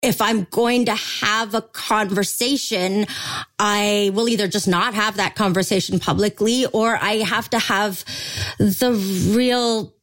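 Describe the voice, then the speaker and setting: A woman's voice: mid-range voice, steady tone, a little slow, a bit bright. A woman actor as a podcast guest, chatting casually in a candid, self-deprecating way. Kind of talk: casual interview chat.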